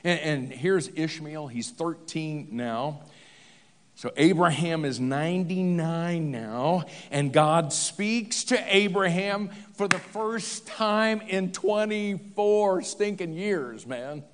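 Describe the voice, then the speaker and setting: A man's voice: on the high side, slow, in a large hall. A man preaching a sermon, retelling a story with humor in a conversational way. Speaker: pastor.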